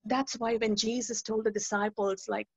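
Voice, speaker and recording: A woman's voice: a little high, fairly even intonation, moderate pace, breathy edge, dry recording. A woman preacher giving an earnest, emphatic testimony and teaching talk, repeating key phrases, over a video call. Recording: dull lo-fi webinar audio.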